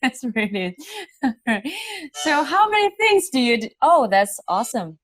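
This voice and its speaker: A woman's voice: on the high side, very animated, a little slow. A woman hosting a casual video call interview, laughing often and speaking with hesitant phrasing and many fillers. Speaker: host.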